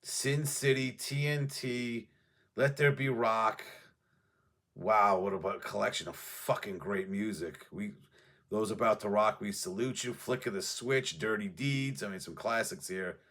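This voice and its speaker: Guy chatting loose and sweary, kinda low voice, just reminiscing. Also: unhurried, a bit bright. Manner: profane, offhand, reminiscing. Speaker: music show host. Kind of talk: casual rambling storytelling.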